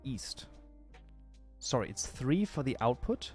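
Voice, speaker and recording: A man streaming live, reading chat aloud and chatting casually while he works, thinking out loud and restarting his sentences. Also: medium pitch, very animated, takes it slowly, faint music behind. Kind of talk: casual livestream chat while modding a game.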